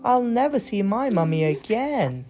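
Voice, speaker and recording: A woman voicing a small, eager girl spider in a storybook, in a high, squeaky child's voice. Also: brisk, darkish tone, soft background music, natural voice.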